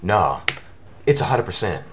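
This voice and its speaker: A man giving live commentary over his own speedrun, his voice worn from shouting, talking at the game in exasperated outbursts. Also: sits low, very animated, unhurried, noisy background.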